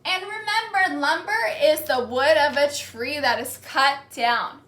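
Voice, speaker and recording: A woman teacher with a high, bright voice leads a call-and-response lesson. She speaks slowly and clearly, pausing so the class can echo each key word. The room rings with noticeable echo.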